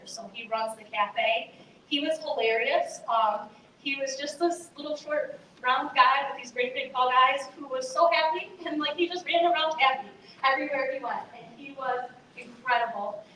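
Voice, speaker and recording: A high, sharp-toned female voice delivers an earnest chapel talk, talking straight to the students in a conversational way. The hall echoes, she sounds distant, and there's faint noise.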